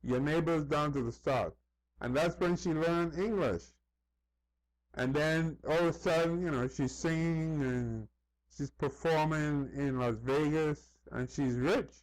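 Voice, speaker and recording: A man's voice: a little high, unhurried, no echo, low-quality recording. A man vlogging in a casual, chatty way, often checking in with the listener as he talks. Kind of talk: casual commentary to camera.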